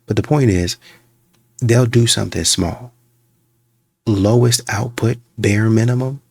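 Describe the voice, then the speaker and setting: A man hosting a reaction channel, commenting casually on a clip and acting out little scenes in animated asides. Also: on the low side, a little slow, gravelly, no echo. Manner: animated storytelling with voiced asides.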